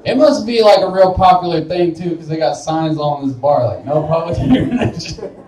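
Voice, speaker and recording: Speaking at normal speed in a slightly high, darkish voice, a young man from Wichita, Kansas, performs rambling, self-deprecating stand-up on a small bar's live stage. He frequently laughs at his own jokes, and the echoey room picks him up from a distance.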